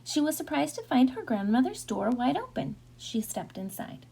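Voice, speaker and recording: Husky, expressive woman reading a storybook. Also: sits high, normal speed. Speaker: teacher reading aloud. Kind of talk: storybook read-aloud narration.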